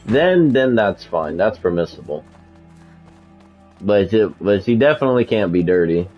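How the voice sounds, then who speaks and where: A man's voice: fairly low pitch, very animated, normal speed. Young man, game commentary, rambling, dull lo-fi mic, faint game music. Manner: rambling, laughing storyteller with many fillers. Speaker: gaming video host. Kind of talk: casual gameplay commentary.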